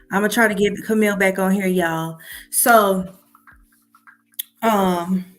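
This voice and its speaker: A woman hosting a casual livestream, chatty and calling her viewers y'all. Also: mid-range voice. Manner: chatty, addresses audience as y'all. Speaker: livestream host.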